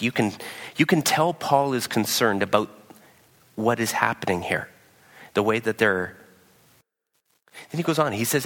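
A man's voice: on the low side, expressive, unhurried, pauses often, fairly bright tone, long reverb tail. A man preaching a sermon, telling the story with animation and acting out the quotes himself. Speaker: pastor.

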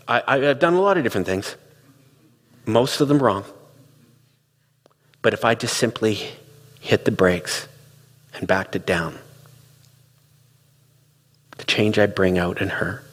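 A middle-aged man talks reflectively to listeners, slipping into quoted dialogue as he tells stories. His voice sits fairly low and has a husky grain. The sound carries a long hall reverb. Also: fairly bright tone. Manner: conversational, storytelling with quoted dialogue. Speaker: speaker on relationships. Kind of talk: reflective talk.

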